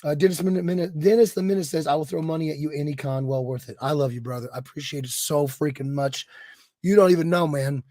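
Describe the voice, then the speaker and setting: A hoarse man hosting a casual live stream, warmly reading viewers' chat aloud with rambling restarts and quiet mutters. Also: a little high, fairly even intonation, fast, no room sound. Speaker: streamer host.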